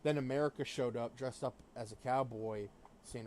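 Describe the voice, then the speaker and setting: A man's voice: medium pitch, fairly even intonation, moderate pace, darkish tone, slight background noise. A young man streaming a game, telling a rambling story full of fillers. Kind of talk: casual gaming stream chat.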